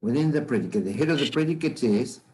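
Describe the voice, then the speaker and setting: A man teaching a grammar class in a measured lecture, often checking understanding with "okay?" and "right?". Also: medium pitch, animated, a little mellow, poor audio.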